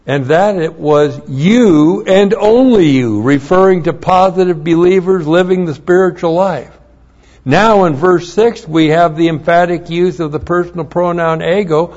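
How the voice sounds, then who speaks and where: A man with a fairly high voice preaches a Bible teaching sermon at a very slow, deliberate pace. He drives each point home, repeats his key phrases and spells out Greek words letter by letter. The recording is dull and lo-fi. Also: darkish tone. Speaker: pastor.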